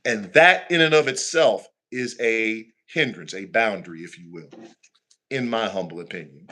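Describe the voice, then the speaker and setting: Bright-voiced minister telling a story. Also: male voice, normal speed. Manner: animated, preacherly, shifting pitch for emphasis. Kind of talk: storytelling in a talk show.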